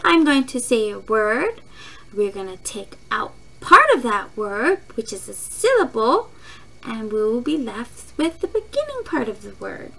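A woman teaching a phonics lesson to young children, saying words slowly and clearly and repeating them for the class to echo. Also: a little high, very animated, a bit bright. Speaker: kindergarten teacher.

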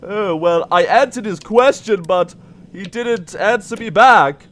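Brief: manic high-voiced male puppet, slow and drawn out between screams, jittery game commentary. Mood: frantic. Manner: shrieking and yelling, then sudden mumbles. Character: shrill frantic male puppet, jumpy and easily rattled. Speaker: let's play commentator.

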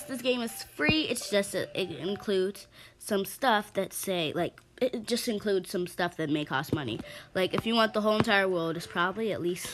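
A woman's voice: mid-range voice, background noise. Chatty, breathless woman narrating her game. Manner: chatty and rambling, full of ums and asides to viewers. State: slightly out of breath. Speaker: gaming channel host. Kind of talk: casual game-play commentary.

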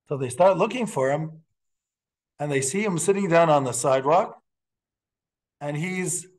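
A man teaching as a rabbi in a lecture, talking in halting phrases with frequent restarts and telling stories with quiet laughs. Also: on the high side. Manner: storytelling with laughs and Hebrew quotes. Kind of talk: classroom lecture.

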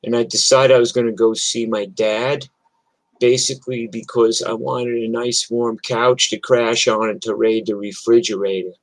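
A man's voice: mid-range voice, level tone, moderate pace, poor audio. An older man from New York telling a personal story in a casual, rambling, profane way, with many restarts.

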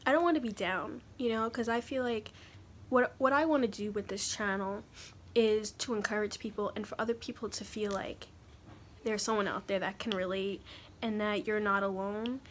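A young woman talking haltingly in a personal confessional vlog, pausing often to collect her thoughts. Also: mid-range voice, steady tone, a little hiss or hum. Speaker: vlogger.

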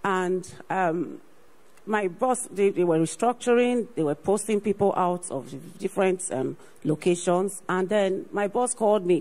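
A woman's voice: medium pitch, unhurried, darkish tone, low-quality recording. A woman, a ministry partner, gives an earnest personal faith testimony on stage, often saying "you know" and repeating herself. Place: on stage at a church program.

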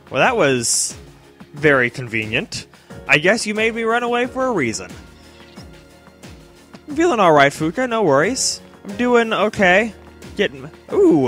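A young man rambles through his gameplay in a loose, joking way. His voice is bright and crisp and sits a bit high. It swings up and down freely as he talks back to the characters on screen. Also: very animated, normal speed, soft background music. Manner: chatty, self-mocking, talks to game characters. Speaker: let's play commentator. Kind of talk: casual gameplay commentary.

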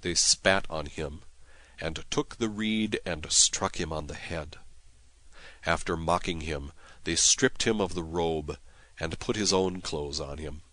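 A priest giving a solemn, measured devotional reading of prayers and scripture, with some prayers recited in Latin. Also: male voice, very deep voice, a bit bright.

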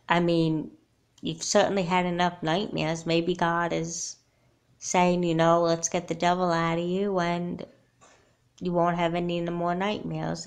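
A woman's voice: lowish voice, creaky. A woman voicing a talkative, caring, religious young girl doll in a homemade doll movie, who asks question after question.

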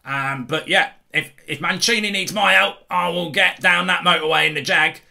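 Cast a man as a cocky old Lancashire football fan, stammering through daft plans in a bright, high voice. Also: normal speed, gravelly, exaggerated voice. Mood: boastful. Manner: rambling, stammering, cheeky bravado. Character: boastful older male Burnley football fan.

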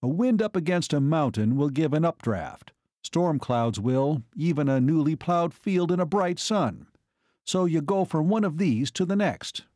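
A man's voice: a little high, lively intonation, unhurried, a little mellow, no room sound, clean studio sound, voice pushed up. A man voicing a keen male glider pilot, explaining and giving orders in an audiobook. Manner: explaining, then urgent.

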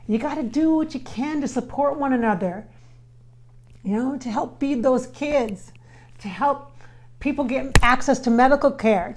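Earnest woman medium, slightly high voice. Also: darkish tone. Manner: relays spirit's words in quotes, speaks to viewers as "you guys"; earnest, repeats phrases for emphasis. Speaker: spiritual medium channeling a spirit. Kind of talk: casual channeling session addressed to viewers.

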